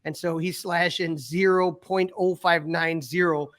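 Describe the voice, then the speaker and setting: A man's voice: fairly high pitch, fairly even intonation, a little slow, fairly bright tone, no echo, clean studio sound. A middle-aged man co-hosting a sports podcast in casual chat, reading out stats with fillers and restarts. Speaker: podcast co-host.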